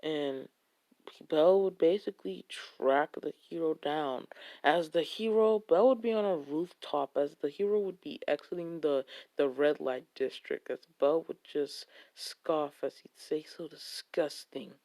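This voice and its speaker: A man's voice: a little high, a little slow, a little mellow. A man telling an improvised fan fiction story, rambling and full of filler words.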